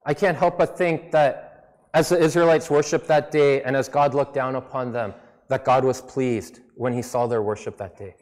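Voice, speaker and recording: A man's voice: mid-range voice, steady tone, normal speed, darkish tone. A man preaching a sermon in a conversational, self-deprecating way, with a slight non-native English accent. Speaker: pastor. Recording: long reverb of a church hall.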